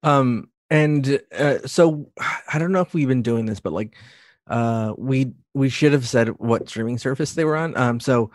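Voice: mid-range voice, a little slow, dry recording, clean studio sound. A podcast co-host in a casual chat, speaking hesitantly and stopping often to restart. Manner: hesitant, full of fillers and restarts.

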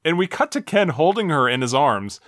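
A man in easy conversation, his pitch rising and falling a lot as he recounts scenes and reads quotes in a wry way. The sound is close and dry, with no room around it. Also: sing-song, a little fast, fairly bright tone, dry recording. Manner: reads game text aloud with dry wry delivery. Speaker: podcast co-host. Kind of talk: casual retro game discussion.

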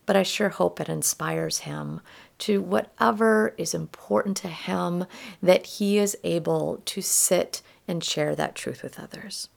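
A woman telling reflective personal stories in a soft-spoken way, often dropping into whispers. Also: on the low side, gravelly. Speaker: spiritual storyteller.

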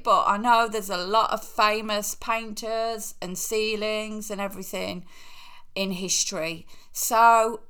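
A woman's voice: lowish voice, pushed and bright. A middle-aged woman hosting a casual solo talk on interior decor, chatty and opinionated, with self-mocking asides.

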